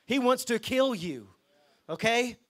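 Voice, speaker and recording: A man preaching a lively sermon as pastor, often checking in with the congregation. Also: extremely high pitch, takes it slowly. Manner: lively, chatty, asks the crowd okay and right.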